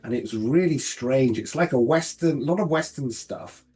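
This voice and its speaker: Husky London man, hesitant. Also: mid-range voice, expressive, normal speed, darkish tone, soft background music. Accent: London English. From London, England. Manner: hesitant, many fillers and restarts. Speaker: guest. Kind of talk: casual interview chat. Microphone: video call.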